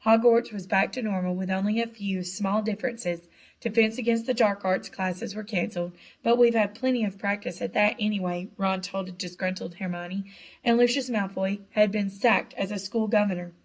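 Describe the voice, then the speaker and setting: A woman narrating a children's novel with a lively, expressive reading. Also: medium pitch, normal speed. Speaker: audiobook narrator. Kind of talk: storybook narration.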